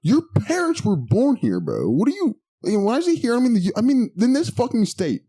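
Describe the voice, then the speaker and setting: A man's voice: very high-pitched, huge pitch swings, brisk, mellow, breathy edge. A young man from the Pittsburgh area co-hosting a podcast in casual chat, swearing and laughing often. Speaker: podcast co-host.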